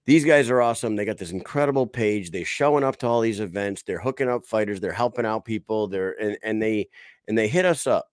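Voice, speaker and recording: A man's voice: fairly low pitch, expressive, fairly quick, dry recording, clean studio sound. A man in his thirties hosting a casual fight podcast, brash and profane as he tells stories. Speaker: podcast host.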